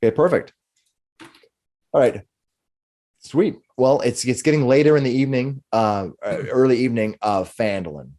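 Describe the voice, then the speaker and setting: A man's voice: medium pitch, dark tone. A man narrating as game master of a tabletop game, often restarting his sentences. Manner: halting narration with many restarts.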